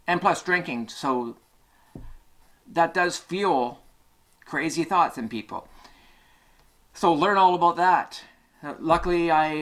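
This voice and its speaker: A man's voice: a little high, a bit bright. A middle-aged man from Canada, telling a personal story to his vlog in a heated, profane rant full of swearing. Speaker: vlogger.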